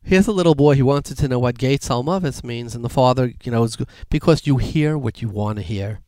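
Animated storytelling rabbi, dry sound. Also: male voice, mid-range voice, a little fast, dry recording. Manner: animated storyteller, lively voice shifts. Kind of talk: sermon with anecdotes.

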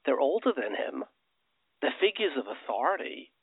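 A man's voice: medium pitch, very animated, moderate pace, breathy edge, no room sound. A man hosting a radio show, speaking in an impassioned, preacherly monologue that swells into emphatic outbursts. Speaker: radio host. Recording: narrow phone-like radio sound.

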